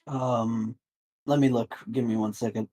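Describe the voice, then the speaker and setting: A man's voice: medium pitch, steady tone, a little slow, warm tone, a little hiss or hum, lightly acted. A man voicing a businesslike female secret agent answering questions over the phone in a tabletop game, with a dry, matter-of-fact delivery.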